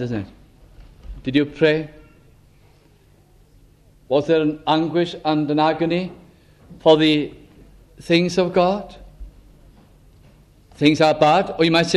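Male preacher, high-pitched, earnest, asks pointed questions and sinks to a hush. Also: measured pace, long pauses. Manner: earnest, probing rhetorical questions, drops to a hush. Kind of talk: sermon.

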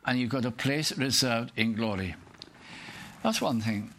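Older male preacher with a bright, earnest delivery who presses the congregation with questions. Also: medium pitch, unhurried, slight background noise. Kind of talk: sermon.

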